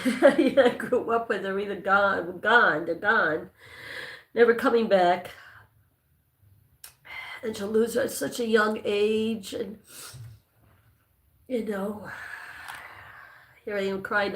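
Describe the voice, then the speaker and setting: A woman chats on her own livestream, wandering through a personal story with plenty of fillers, restarts and asides. Her pitch sits in a middle range, and the room around her gives a noticeable echo. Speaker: livestream host. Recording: echoey room.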